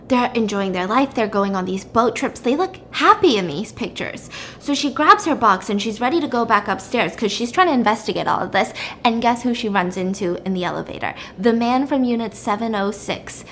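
A woman casually recapping a drama's plot in an animated, chatty way, peppering it with fillers. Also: on the high side, fairly quick, hardly any pauses, a little hiss or hum.

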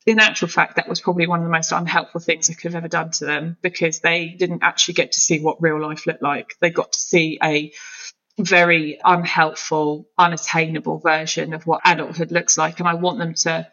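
A woman's voice: deep voice, little pitch movement, brisk, pushed and bright, highs cut off. A woman talking openly and emotionally as a podcast guest, in an open, searching way. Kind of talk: candid conversation.

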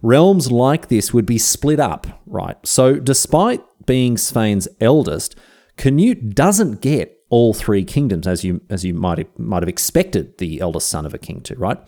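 Animated Australian man telling history. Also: medium pitch, measured pace. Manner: chatty, slangy, animated storytelling. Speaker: history podcast host. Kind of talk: casual history narration.

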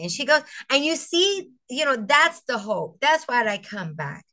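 A woman's voice: a little high, normal speed. A middle-aged woman, a veteran teacher, telling an emotional personal story as a guest and acting out what her students said. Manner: animated, acts out quotes, tearful at times.

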